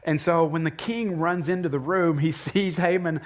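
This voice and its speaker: Man, pastor, animated sermon storytelling, slightly high voice, leaps up for characters' lines. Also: normal speed. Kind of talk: sermon retelling a Bible story. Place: church sanctuary.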